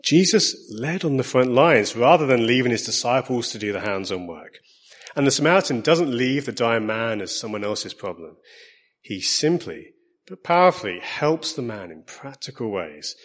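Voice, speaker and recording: A man with an Essex accent preaching a sermon in a husky, mid-pitched voice. He speaks in a measured, earnest way and slows down on the points he wants to stress. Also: lively intonation.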